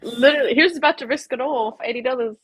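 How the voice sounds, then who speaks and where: A woman's voice: high-pitched, rapid-fire, breathy edge, no room sound. A woman in casual podcast chat, reacting to a story with short exclamations.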